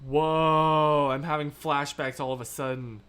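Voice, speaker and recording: A young American man hosts a casual live stream in a rambling, filler-heavy way, laughing often as he answers viewer comments. His voice sits a little high for a man. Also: expressive, measured pace, a bit bright. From United States. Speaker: livestream host.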